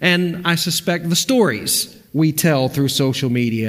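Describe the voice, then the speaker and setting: A man preaching a sermon as pastor, reading scripture with measured, expressive emphasis. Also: a little high, in a large hall. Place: church sanctuary.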